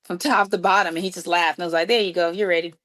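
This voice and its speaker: A woman from New York City, a guest musician, telling a story with lively acted-out dialogue. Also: lowish voice, very fast. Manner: acts out quoted dialogue with lively voices. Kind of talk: animated storytelling.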